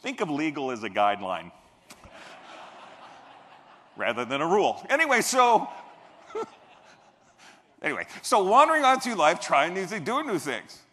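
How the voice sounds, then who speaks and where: A man delivers a motivational keynote from a convention stage, his bright, higher voice swooping up and down as he tells stories with a joker's asides. A long reverb hangs on it from the big hall. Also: normal speed, pauses often, slight background noise. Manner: animated, jokey, playful asides to the audience. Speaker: keynote speaker. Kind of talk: motivational keynote with humorous storytelling.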